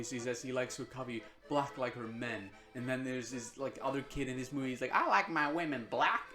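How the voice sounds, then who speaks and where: A man giving a blunt, sarcastic, profane rant while reviewing films and shows, mocking them in raised voices. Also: fairly high pitch. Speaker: movie and TV reviewer. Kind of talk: casual ranting review.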